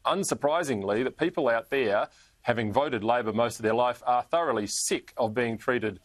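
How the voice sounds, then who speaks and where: A man's voice: medium pitch, moderate pace, no room sound. An Australian man talking as a politician guest in an interview, chatty, chuckling through his stories and trailing off with fillers. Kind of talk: casual interview talk.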